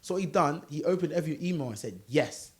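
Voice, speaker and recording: Animated young man, fairly high voice. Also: fast. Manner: animated storytelling, acting out his own prayers. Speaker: podcast co-host. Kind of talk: casual group chat.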